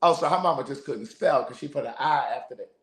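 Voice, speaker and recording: A man's voice: medium pitch, quick pace. A man hosting a casual live stream, greeting viewers by name with playful, sassy banter.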